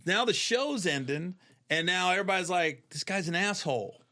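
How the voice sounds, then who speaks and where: Animated male comedian telling a story. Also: high voice, normal speed. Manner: animated, acts out voices of people in the story. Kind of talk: casual storytelling on a chat show.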